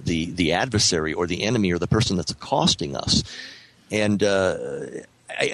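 A low-pitched man speaks in a measured, thoughtful way in a relaxed podcast chat. He often pauses and restarts as he works through a point. The sound is dry and close, with no room in it. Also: no echo, poor audio. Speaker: author guest on a podcast. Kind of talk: casual podcast conversation.

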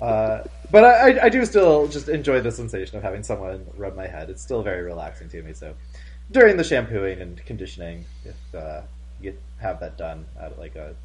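Amused man with a lively voice. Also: low-pitched, slight background noise. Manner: amused, laughs often, joking. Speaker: podcast co-host. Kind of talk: casual chat.

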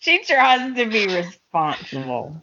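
A woman hosting a podcast in casual chat, giggly and chiming in with quick reactions. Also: mid-range voice, wildly swooping pitch, bright, forceful tone, lo-fi sound, a little hiss or hum. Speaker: podcast host.

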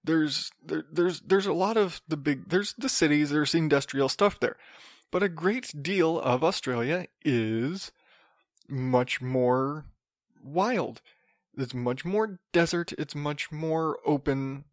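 A man's voice: on the high side, slow pace, no room sound, clean studio sound. A man hosting a casual solo podcast, rambling with restarts and sarcastic asides. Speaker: podcast host.

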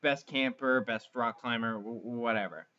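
A man's voice: mid-range voice, normal speed, sharp tone, muffled recording. A young man co-hosting a podcast, rambling through crude camp stories in casual comedic chat. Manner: crude, rambling storyteller with filler words. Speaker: podcast co-host.

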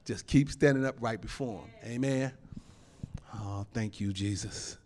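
A male pastor preaching a sermon in an animated, folksy way, laughing often and calling out to the congregation. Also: fairly low pitch, measured pace. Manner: folksy informal phrasing.

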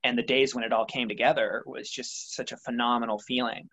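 A man's voice: medium pitch, little pitch movement, fairly quick, fairly bright tone, slightly rough, rough recording. A young adult man answering interview questions about his motivation, thoughtful and rambling with many fillers. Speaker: interview guest, triathlete. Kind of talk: reflective conversational interview.

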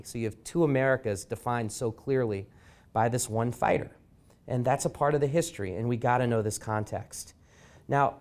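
A man giving a talk at a library as an author, telling stories and acting out quotes with lively energy. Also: mid-range voice. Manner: animated storyteller acting out quotes. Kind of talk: public lecture with anecdotes. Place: library event room.

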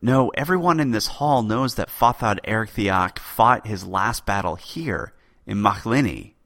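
A man voicing a young male king, firm and measured in his speech. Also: lowish voice, expressive, creaky, a bit bright, heavily acted.

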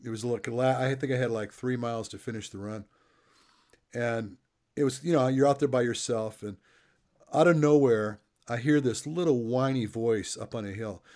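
A man's voice: medium pitch, normal speed, darkish tone. A middle-aged man interviewing a guest, chatty and fond of telling stories while laughing along. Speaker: interviewer and coach. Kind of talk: casual interview chat.

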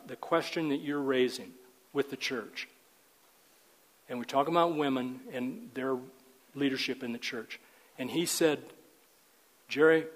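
A man's voice: medium pitch, in a large hall, low-quality recording. An older man teaching a men's group in a sermon style, earnest and emphatic, often repeating words.

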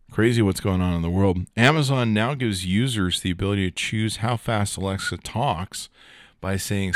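A man's voice: sits low, no room sound, studio quality. A male podcast host giving a casual, rambling rundown of tech news, joking and swearing as he goes. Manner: rambling, profane, joking asides.

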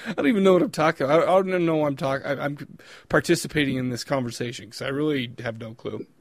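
A man's voice: on the high side, fast talker. A man co-hosting a podcast in casual banter, teasing and quipping with frequent laughs. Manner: playful teasing, laughs often, quips. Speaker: podcast co-host.

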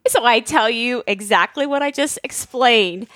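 A woman's voice: on the high side, measured pace, no room sound, studio quality. A woman telling a story in casual chat, acting out quoted voices with lots of filler words. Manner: animated, acts out quoted voices; frequent "like" fillers. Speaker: storyteller with her husband.

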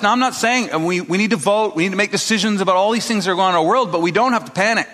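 Very fast and with hardly any pauses, this high-voiced, slightly bright pastor rattles through his sermon in a church hall. He speaks to the live congregation in a casual storytelling style, acting out quotes, all washed in the long reverb of the large space.

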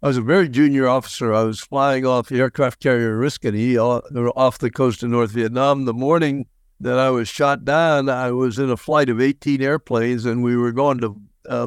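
A man's voice: medium pitch, normal speed, clean tone, no echo, studio quality. Older man telling a wry war story. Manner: lively storyteller with wry humor. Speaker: guest, former prisoner of war and motivational speaker. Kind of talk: storytelling interview answers.

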